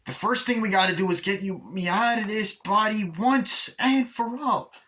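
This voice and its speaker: A man's voice: high-pitched, moderate pace, pushed and bright, a little hiss or hum, voice pushed up. A man voicing a foul-mouthed, sneering male killer doll in a mocking, crude way while retelling a film scene.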